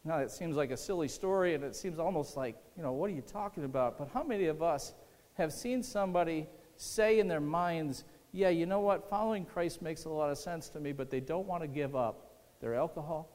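This pastor's voice is on the high side and darkish, and he moves fairly quickly through his sermon. He addresses the congregation conversationally and often poses questions to them. A long hall reverb fills the church sanctuary.

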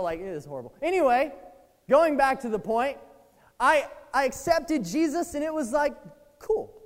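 Delivered in a medium-pitched voice with a long reverb tail, this sermon is casual and conversational. The preacher keeps asking listeners "right?" and voices the inner thoughts of those he quotes.

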